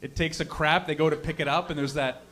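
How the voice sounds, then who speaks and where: A young stand-up comedian performs before a live crowd, his fairly high, fairly bright voice moving at a quick pace with a steady tone. He rambles through profane stories and keeps laughing at his own material.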